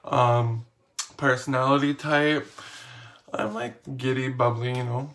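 A man's voice: mid-range voice, fairly even intonation, takes it slowly, very noisy. A man casually reading questions aloud and answering them in a playful, slangy, self-mocking vlog. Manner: reads each question aloud, then answers. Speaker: vlogger.

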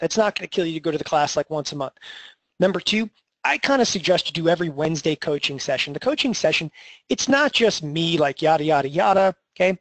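Energetic male webinar host, high voice, dry close mic, salesy and chatty. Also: no echo, rough recording. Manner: energetic, salesy, tags lines with "okay?". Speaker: trading educator hosting a webinar.

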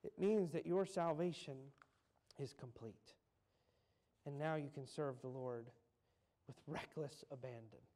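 Male preacher giving a sermon in church, kinda high voice, gets loud and slows way down to hammer points. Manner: builds to loud emphatic peaks, slows on key phrases. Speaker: pastor. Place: church sanctuary.

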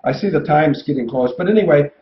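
A man's voice: on the high side, lively intonation, fast talker, reverberant, muffled recording. Older man telling rambling flying stories. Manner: rambling anecdotal storyteller. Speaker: retired military pilot and co-host. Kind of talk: casual storytelling chat.

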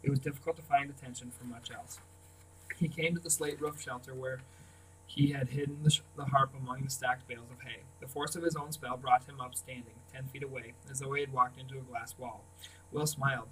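A man reading a novel aloud in a steady, measured storybook narration. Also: mid-range voice, far from the mic, a little hiss or hum, rough recording. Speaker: audiobook reader.

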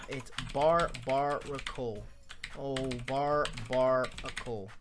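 Low-voiced woman muttering through a quiz. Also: fairly even intonation, very slow, pauses often, background noise. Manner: muttering names with long strings of ums, bursting into frustrated swearing. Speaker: YouTuber. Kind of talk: gaming quiz vlog, thinking aloud. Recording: background music under the voice.

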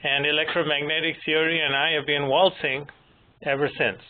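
A man in his fifties, moderator and presenter, giving a measured technical lecture with gentle humor. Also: fairly high pitch, level tone. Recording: tinny phone-line audio with faint noise.

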